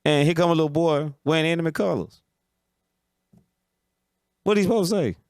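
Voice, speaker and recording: A man's voice: fairly high pitch, brisk, a little mellow, dry recording, studio quality. Blunt man giving football takes. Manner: blunt, opinionated, keeps asking "you understand?". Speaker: host of a football talk stream. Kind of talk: casual sports commentary.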